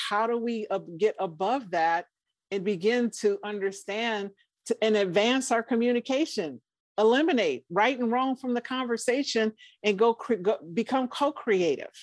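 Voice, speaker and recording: A woman's voice: mid-range voice, no echo. A woman co-hosting a casual chat, making her points firmly and asking pointed questions. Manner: emphatic, coaching tone, asks pointed questions.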